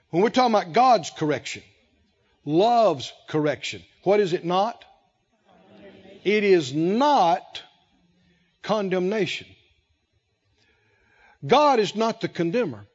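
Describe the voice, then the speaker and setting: A male pastor preaching a sermon, speaking slowly and with emphasis, pausing to let the congregation fill in key words. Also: high voice, big pitch swings. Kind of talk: sermon with call-and-response. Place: church sanctuary. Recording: lo-fi with long hall reverb.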